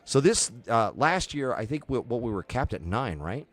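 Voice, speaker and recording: A man's voice: medium pitch, moderate pace. A man co-hosting a podcast, chatting casually and playfully about a festival, often laughing. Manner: laughing, animated, playful banter. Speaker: podcast co-host. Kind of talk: casual chat.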